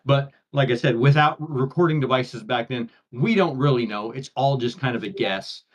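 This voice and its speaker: A man's voice: mid-range voice, moderate pace, a little hiss or hum. A man, co-hosting a casual chat and rambling through restarts and fillers. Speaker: podcast co-host. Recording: dull lo-fi audio.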